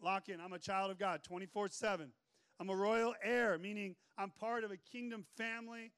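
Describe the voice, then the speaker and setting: Male preacher, high voice, animated and joking, live room. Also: normal speed, clear, resonant tone. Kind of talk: energetic sermon. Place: room with an audience.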